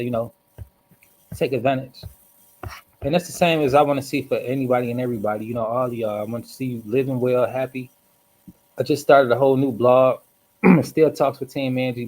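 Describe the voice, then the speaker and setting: Hoarse man musing on a livestream. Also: mid-range voice, darkish tone, rough recording. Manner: rambling, reflective, clears throat often. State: hoarse from smoking. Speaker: host. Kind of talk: casual livestream monologue.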